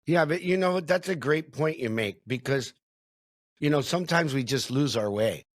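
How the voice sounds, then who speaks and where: A man's voice: a little high, expressive, normal speed. A middle-aged man hosting a sales podcast, talking in a reflective, casual way with lots of filler phrases. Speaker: podcast host, sales consultant.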